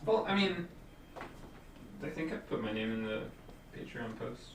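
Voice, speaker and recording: A man's voice: medium pitch, lively intonation. Bantering man, distant and roomy. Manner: quick, teasing banter. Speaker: co-host of a painting livestream. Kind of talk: casual chat. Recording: roomy, distant mic, noisy ambience.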